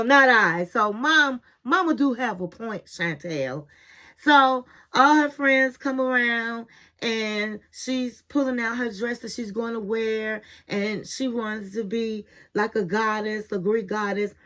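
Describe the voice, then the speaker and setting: Sassy, animated woman recapping a reality show. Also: fairly high pitch. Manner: sassy, animated storytelling, calls viewers honey and girl. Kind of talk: casual chatty episode recap.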